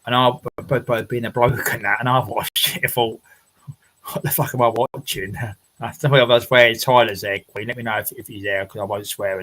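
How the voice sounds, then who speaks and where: His fairly low-pitched voice has a fairly bright tone as he hosts a casual home livestream. He rambles through viewer comments, laughing frequently and swearing now and then, in a low-quality recording.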